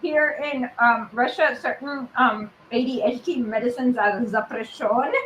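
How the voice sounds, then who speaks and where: A woman's voice: a little high, a little slow, fairly bright tone, slight background noise, rough recording. A woman co-hosting a podcast in casual chat, with frequent laughter and hesitant fillers. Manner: chatty, laughs often, many fillers and restarts. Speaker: podcast co-host. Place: living in Russia.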